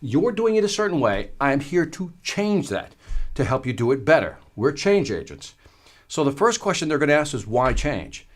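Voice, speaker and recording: A man giving a live-streamed sales training talk, telling stories in an animated, emphatic way. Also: a little high, normal speed.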